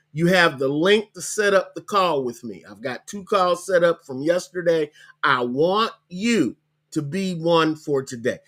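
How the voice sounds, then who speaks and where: A man's voice: fairly high pitch, fairly bright tone. Chatty man coaching online business. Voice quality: hiccups. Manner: chatty, repeats web links slowly, tags lines with okay. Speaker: podcast host.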